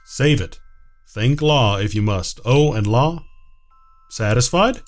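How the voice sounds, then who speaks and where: A stern, aloof man who talks in clipped, formal phrases and brushes things off, as a male reader voices him. The delivery is slow and unhurried, with a lively rise and fall. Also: medium pitch, soft background music. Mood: cold, curt. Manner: curt, formal, dismissive. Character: cold, aloof male mnemonicide, grudging and stern.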